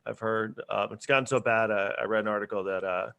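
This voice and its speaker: A man doing a stand-up set over a video call, with a halting delivery full of ums and restarts. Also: on the low side, fairly even intonation, gravelly, pushed and bright, clear, resonant tone. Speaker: stand-up comedian. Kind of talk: stand-up set on an online live show.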